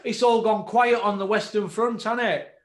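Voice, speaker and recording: A high-voiced man rants about the sport in a roomy, echoing space. He fires off mocking rhetorical questions, drops to a grumbling mutter and then bursts into shouting. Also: steady tone, normal speed, background noise. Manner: swings from muttering low to shouting. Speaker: boxing channel host. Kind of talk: ranting commentary to camera. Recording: roomy echo.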